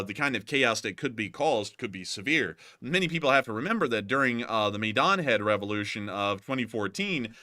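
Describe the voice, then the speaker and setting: A male host talks through the day's war news on a livestream, chatty and explanatory with plenty of fillers. His voice is bright and forward, recorded dry and close. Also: mid-range voice, no room sound. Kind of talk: livestream commentary.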